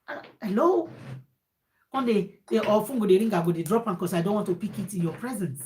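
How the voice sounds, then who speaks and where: A woman's voice: medium pitch, fast talker, warm tone, a little hiss or hum. Woman, 40s, mid-range voice; emphatic, repetitive advice-giver who drops into pidgin. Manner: emphatic, repeats phrases, switches into pidgin. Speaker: married woman giving relationship advice. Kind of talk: casual monologue.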